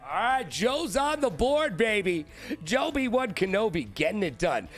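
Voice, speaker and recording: A man hosting a live-streamed trivia show, hyped and playful, shouting out viewers by name. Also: high voice, very animated, measured pace, soft background music.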